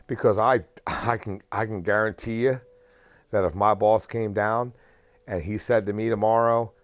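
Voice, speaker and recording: Low-voiced man ranting earnestly. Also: fairly even intonation, moderate pace, dry recording. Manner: earnest, rambling, repeats and restarts phrases. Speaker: vlogger. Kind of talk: casual advice rant.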